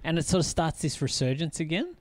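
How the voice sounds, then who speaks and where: Male host, lively fairly high voice, dry close mic. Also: fairly quick, no room sound. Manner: chatty, laughs easily, leads the topic. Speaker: podcast host. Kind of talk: casual chat.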